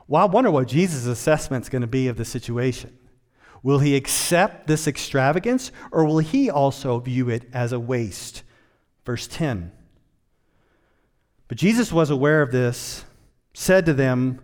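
A man delivering a sermon as a pastor, dropping to quiet asides and rising to loud, emphatic points. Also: lively intonation, moderate pace, in a large hall. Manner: swells from low, quiet asides to high, emphatic preaching.

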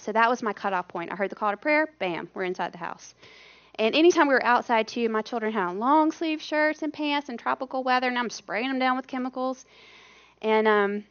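A woman shares a personal testimony in a relaxed, conversational way, acting out the voices of people she quotes. Her voice sits at a medium pitch for a woman. The recording sounds a little dull. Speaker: missionary speaker.

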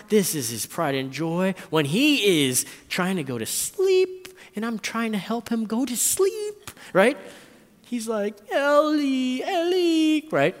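A man in his thirties preaching a sermon, telling a personal story and acting out his own thoughts in lively bursts. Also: a little high. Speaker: pastor. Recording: long reverb in a hall.

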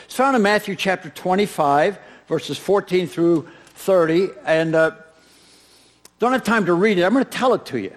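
A man preaching a sermon, retelling a parable as an animated storyteller who acts out its characters with humor. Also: sits high, moderate pace. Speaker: pastor.

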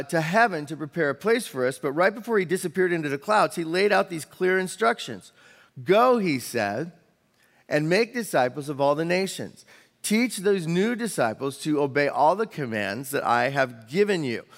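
Conversational pastor preaching in a hall. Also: male voice, fairly high pitch. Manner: conversational, quick asides with restarts. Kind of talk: sermon. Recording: long hall reverb.

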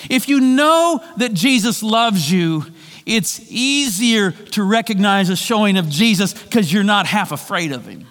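A man preaching a sermon, retelling a story and acting out the voices in it, shifting between loud and hushed delivery. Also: high-pitched, expressive, measured pace. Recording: long hall reverb.

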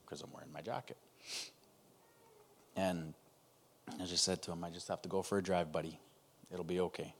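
A man with a notably deep, low-pitched voice recounts a hard personal experience on a video call. He talks haltingly, pausing and restarting as the emotion catches up with him. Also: steady tone, vocal fry. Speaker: guest telling his story. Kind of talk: personal testimony in a conversation.

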